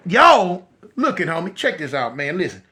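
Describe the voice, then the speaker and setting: A middle-aged man telling a story in a casual, animated way, acting out the voices of the people in it. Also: a little high, fast. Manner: animated, acts out voices, repeats and restarts.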